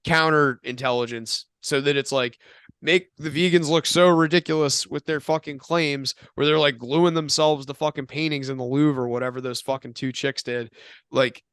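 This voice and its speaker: A man's voice: on the high side, fairly even intonation, moderate pace, fairly bright tone, smooth, no room sound, studio quality. A young man co-hosting a casual podcast, rambling and swearing, with lots of filler words. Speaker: podcast co-host.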